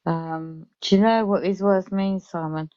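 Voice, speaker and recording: A British woman on a live stream, chatting casually and reading out chat comments in a slow, drawn-out way. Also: fairly low pitch, fairly even intonation, dark tone, no echo. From Britain. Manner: reads chat comments aloud slowly. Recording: dull lo-fi live stream audio.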